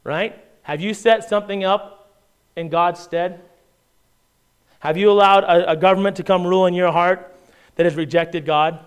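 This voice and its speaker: A man delivers a sermon in a conversational way, weaving in scripture readings and frequent check-ins with his listeners. His voice is smooth and resonant. It sits a little higher than most men's. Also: fairly even intonation, moderate pace, long pauses. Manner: conversational preaching with frequent "right?" asides and restarts; reads scripture aloud in King James style. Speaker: pastor.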